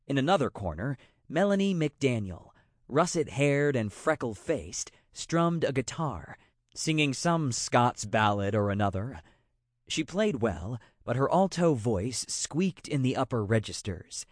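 Slow, expressive male storyteller. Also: medium pitch, dry recording, studio quality. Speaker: narrator. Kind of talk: audiobook narration.

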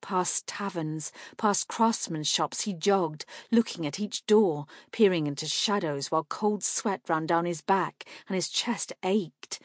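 Brief: woman audiobook narrator, lowish voice, steady and measured, dry close recording. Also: dry recording. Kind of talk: scripted fantasy narration.

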